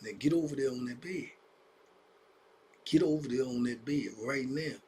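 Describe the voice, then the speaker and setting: A man voicing a menacing older male inmate who issues low, hushed threats in a husky voice. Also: normal speed, a little hiss or hum, natural voice. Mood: threatening.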